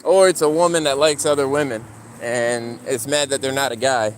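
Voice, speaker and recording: Young male streamer, casual outdoor live chat, animated storyteller. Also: moderate pace, a little hiss or hum. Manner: animated storyteller, voice climbing high when retelling arguments. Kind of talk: casual livestream chat while walking a dog. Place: outdoors in a yard.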